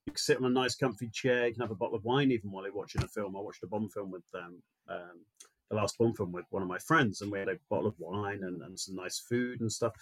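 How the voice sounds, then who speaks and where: A man's voice: on the low side, fairly even intonation, fast talker. A man co-hosting a casual podcast, teasing his co-host and giving wry opinions. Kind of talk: casual chat.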